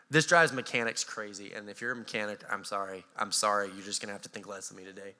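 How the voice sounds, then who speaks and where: A man with an American accent preaching a sermon as pastor, animated and acting out voices with a touch of sarcasm. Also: lowish voice, quick pace, hardly any pauses. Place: church hall. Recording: church hall reverb.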